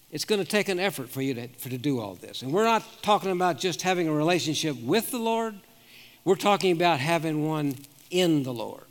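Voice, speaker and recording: An older man in his seventies preaches with a fairly high voice, telling stories earnestly and stumbling over his restarts. His words ring out with the long reverb of a big hall. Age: 70s. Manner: earnest storytelling with frequent restarts. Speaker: pastor. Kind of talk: sermon with personal stories.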